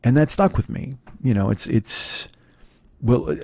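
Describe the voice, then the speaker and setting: Middle-aged male podcast host, casual storytelling, mid pitch, dry close sound, rambling and self-mocking. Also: measured pace, creaky, darkish tone, breathy edge, no echo. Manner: rambling, profane, self-deprecating, many restarts.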